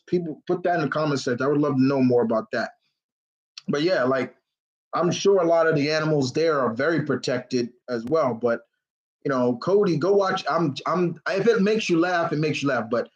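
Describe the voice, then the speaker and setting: A man's voice: fairly high pitch, dull audio. A man hosting a live question-and-answer stream, chatting enthusiastically in a rambling way, full of fillers and restarts. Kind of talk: casual rambling chat.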